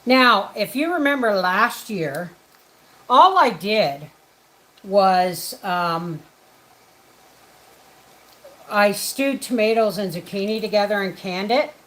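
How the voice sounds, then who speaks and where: Slow, chatty homesteading woman. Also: mid-range voice, lively intonation, fairly bright tone, rough recording. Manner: chatty, rambling, breaks off to greet viewers by name. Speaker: homestead livestream host. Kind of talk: casual livestream chat while cooking. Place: home kitchen.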